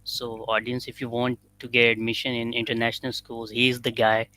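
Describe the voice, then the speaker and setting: Male host, pretty bright voice, talks kinda flat, hypes the guest up. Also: medium pitch, fairly quick, low-quality recording. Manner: enthusiastic, addresses audience. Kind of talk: interview hosting.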